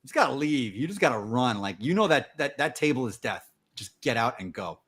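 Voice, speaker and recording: A man's voice: mid-range voice, very animated, fairly quick, a bit bright, husky. A man hosts a casual podcast conversation over a video call. He sounds enthusiastic and thanks his guest effusively. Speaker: podcast host. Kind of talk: casual chat.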